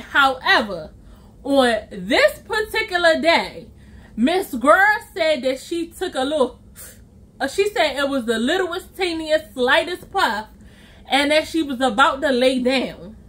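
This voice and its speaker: A woman vlogger spins a storytime tale in a high, bright voice. She is animated and chatty, acting out quotes and tossing in sound effects as she goes. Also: a little slow. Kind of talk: storytime vlog.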